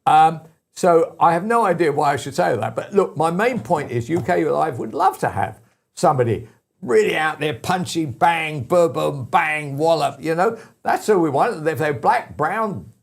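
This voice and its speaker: An older man hosting a talk radio show, telling rambling stories with lots of restarts and animated asides. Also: on the high side, normal speed, vocal fry. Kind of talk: casual talk radio chat.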